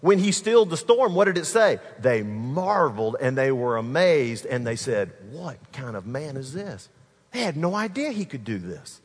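A man's voice: a little high, very animated, moderate pace, hardly any pauses, slightly rough, long reverb tail. A man preaching a sermon to his congregation, speaking to them directly and with energy. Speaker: pastor.

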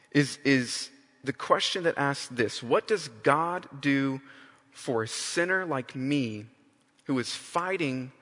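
A man's voice: mid-range voice, a bit bright. A man preaching a sermon, emphatic, often restarting and repeating phrases. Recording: long hall reverb.

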